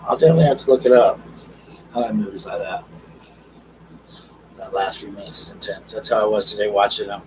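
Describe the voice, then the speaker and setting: A chatty man hosts a casual live stream from home and reads out viewer comments in a fairly low voice. He talks in an affectionate way, calling people girl and darling. He sits a good distance from the mic, with clear background noise. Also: fairly quick, pauses often. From South Carolina.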